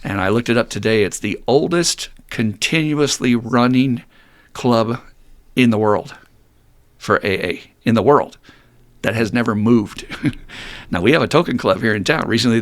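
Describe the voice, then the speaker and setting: A man's voice: mid-range voice, normal speed. A man hosting a recovery podcast who tells a candid personal story in a blunt, self-mocking way, swearing freely and laughing often. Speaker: podcast host.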